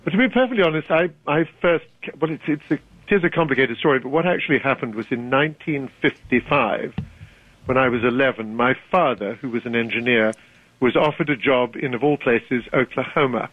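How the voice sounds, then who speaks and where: An older British man in his seventies, talking as an author guest, measured and articulate. His voice comes through a thin, phone-like line with no room sound at all. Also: medium pitch, husky, no echo. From Britain. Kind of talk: radio interview. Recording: dry tinny phone line.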